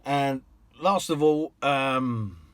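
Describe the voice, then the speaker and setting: A man's voice: mid-range voice, extremely slow, fairly bright tone, no room sound. A man with a British accent, a cab driver telling casual anecdotes in a chatty, rambling way. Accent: British English. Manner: chatty, rambling, with restarts and laughs.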